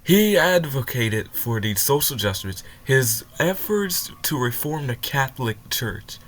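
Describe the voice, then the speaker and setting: A man's voice: mid-range voice, big pitch swings, a little slow, fairly bright tone. A young man reacting to a clip, heated and swearing, stumbling over his words and sounding upset after crying. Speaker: reaction video host. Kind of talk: reaction commentary.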